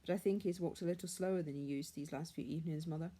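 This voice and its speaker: Earnest teen boy, hushed plain voice, mellow, read by a woman. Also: low-pitched, steady tone, rapid-fire, slightly rough. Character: earnest quiet teenage boy. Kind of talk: storybook reading.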